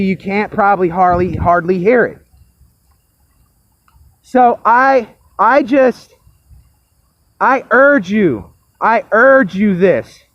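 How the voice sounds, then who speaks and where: A man speaking loud into a phone held in his hand, pushing his voice as he gives a reflective monologue. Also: high-pitched, no room sound. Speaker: vlogger. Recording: lo-fi phone recording.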